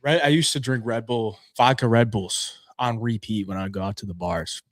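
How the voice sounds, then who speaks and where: A man's voice: medium pitch, steady tone, normal speed, dry recording, clean studio sound. A man co-hosting a podcast, chatting casually in a laid-back, easygoing way. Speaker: podcast co-host. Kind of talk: casual betting show chat.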